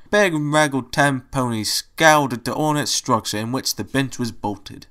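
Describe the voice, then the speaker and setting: A man's voice: medium pitch, normal speed, few pauses, sharp tone. A man reading a fan-fiction story aloud, adding wry asides between passages. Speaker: story reader.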